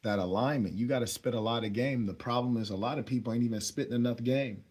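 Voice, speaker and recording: A young man telling a story as a dating advice host, relaxed and slangy, often chuckling as he talks. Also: medium pitch, fast. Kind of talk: casual storytelling monologue.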